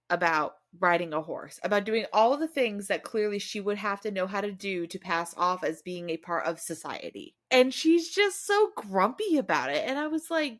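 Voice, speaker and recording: A woman co-hosting a book podcast in casual, enthusiastic chat. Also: medium pitch. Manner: expressive, enthusiastic.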